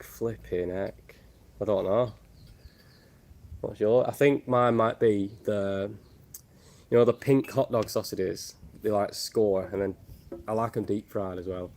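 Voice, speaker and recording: A man's voice: on the low side, steady tone, a little slow, pauses often, darkish tone. A man from Northern England, chatting casually on a travel livestream and reading out viewer questions with jokes. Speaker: travel vlogger. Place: outdoors in Thailand with birds and geckos around.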